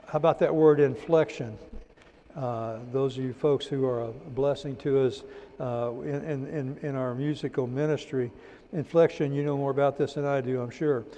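A man teaching a church teacher-training class, repeating key terms slowly for notes and adding folksy "amen" asides. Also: mid-range voice, fairly even intonation, warm tone, long reverb tail. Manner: folksy, drops in "amen" and "praise the Lord".

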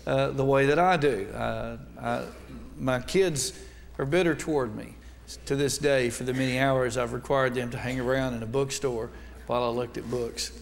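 A man's voice: medium pitch, fairly even intonation, moderate pace, gravelly, long reverb tail, a little hiss or hum. A middle-aged man with a North Alabama accent preaching a sermon as a visiting Baptist preacher, with folksy, joking asides. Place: church sanctuary.

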